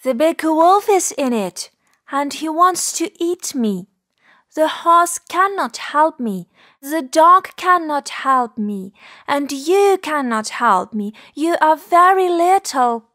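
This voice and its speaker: A woman's voice: high voice, lively intonation, takes it slowly, a bit bright, dry recording, clean studio sound, heavily acted. A woman voicing a small frightened young rabbit that begs for help in a pleading voice. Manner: pleading, breathless begging. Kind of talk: audiobook reading for learners.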